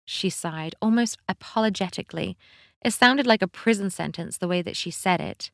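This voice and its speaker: A woman narrating an audiobook in a calm, even storytelling read. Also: on the low side, moderate pace, no room sound, clean studio sound. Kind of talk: scripted narration.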